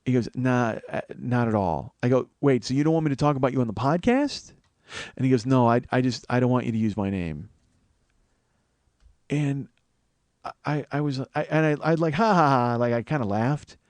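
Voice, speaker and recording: Guy in his 40s rambling through a funny story, swears a lot, gets loud and high when he panics, dry close mic. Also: animated, normal speed, no echo. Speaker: comedian podcast host. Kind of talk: comedic storytelling monologue.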